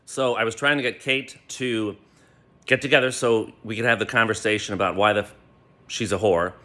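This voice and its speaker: A man telling a personal story to a friend, animated and swearing freely. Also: lowish voice, moderate pace. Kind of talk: gleeful personal anecdote.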